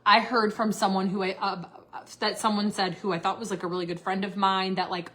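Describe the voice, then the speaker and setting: Young woman venting live to her viewers, swears a lot, says like constantly, mid pitch. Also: little pitch movement, a little fast, hardly any pauses, a bit bright. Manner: blunt, swears freely, filler-heavy. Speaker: livestreamer. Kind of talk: candid casual livestream rant.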